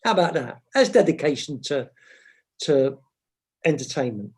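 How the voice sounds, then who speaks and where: A man's voice: a little high, big pitch swings, normal speed, breathy edge. A man, a guest author from advertising, chatting and reading from his book with rambling, self-mocking asides.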